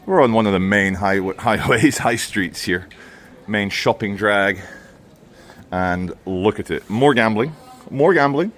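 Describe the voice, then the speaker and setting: A British man from England, with a slightly bright voice, walks outdoors along a town high street while filming his vlog. He rants sardonically, dropping wry asides as he goes.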